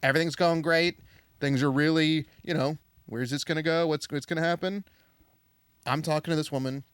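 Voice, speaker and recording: Young guy on a podcast telling a story, kinda high voice, dry close mic. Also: brisk, smooth, no room sound. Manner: animated storyteller, quotes people in voices. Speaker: podcast co-host. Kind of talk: casual chat.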